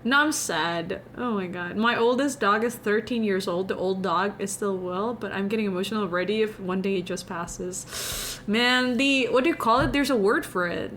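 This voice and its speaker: Young woman streamer, Indonesian accent, mid-pitched, rambling and confiding with her viewers, faint room hum behind. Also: moderate pace, few pauses, a bit bright. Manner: meandering, confiding, chatty with viewers. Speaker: livestreamer. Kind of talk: casual live-stream chat.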